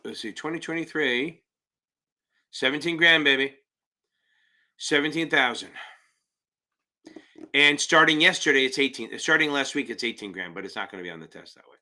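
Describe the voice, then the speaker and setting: A man's voice: medium pitch, animated, normal speed, pauses often, sharp tone. A man running a live-stream Q&A as an exam prep tutor, talking bluntly, rambling and swearing casually as he answers viewers.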